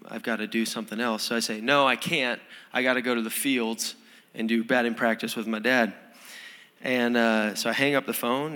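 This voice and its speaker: A man's voice: medium pitch, sharp tone. A young man preaching a sermon in an earnest, conversational way, with many fillers and restarts. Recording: sermon in a hall with long reverb.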